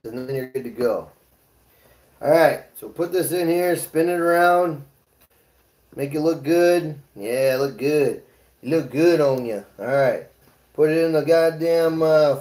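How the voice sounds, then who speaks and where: A man's voice: on the high side, a little mellow, reverberant, low-quality recording. A man hosting a casual cooking livestream from his home kitchen, joking loosely, swearing freely and talking to his chat as he cooks. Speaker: livestream host.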